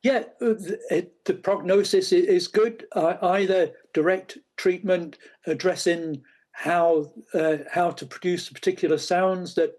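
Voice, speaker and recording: A man's voice: high voice, darkish tone. A man, a guest expert, giving explanatory interview answers with frequent fillers and restarts. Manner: halting, many fillers and restarts.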